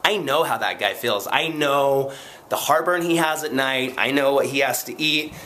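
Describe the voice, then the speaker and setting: A man chatting casually to camera in a vlog, rambling and excitable, sore after a long run, poking fun at himself between plenty of fillers. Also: medium pitch, normal speed, a little hiss or hum. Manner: rambling, excitable, self-mocking, lots of fillers. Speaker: vlogger.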